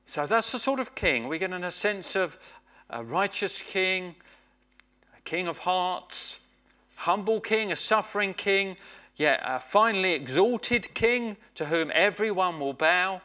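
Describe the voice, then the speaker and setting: Slow, bright-voiced preacher. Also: male voice, high-pitched, lively intonation. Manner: slow, emphatic delivery with repeated phrases. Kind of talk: sermon.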